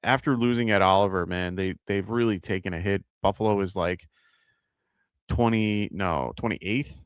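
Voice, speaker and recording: A man's voice: on the low side, normal speed, clear, resonant tone, no room sound, clean studio sound. A man with a New York accent hosting a live fantasy football show, chatting casually, thinking aloud with fillers and reading out viewer questions. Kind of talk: live-stream fantasy advice chat.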